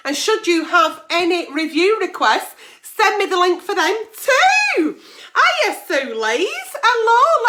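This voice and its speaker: A high, bright-voiced woman in middle age hosts a live-stream agony aunt show. Her pitch swings widely as she chats, swears freely and reads out viewers' letters. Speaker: advice show host.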